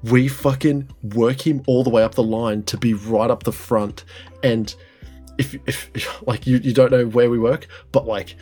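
A man's voice: medium pitch, normal speed, soft background music. A young man co-hosting a podcast, chatting casually and telling a story with lots of swearing and laughter. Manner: excitable, swears freely, laughs a lot. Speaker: podcast co-host.

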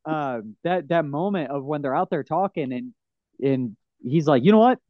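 Man, casual film chat, eager and rambling, fairly high voice, dry dull-sounding mic. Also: a little slow, no room sound. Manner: enthusiastic, rambling, with frequent restarts.

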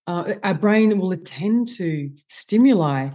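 A woman, a guest expert on stress, explaining with animated enthusiasm in a podcast interview. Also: lowish voice, measured pace. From Australia.

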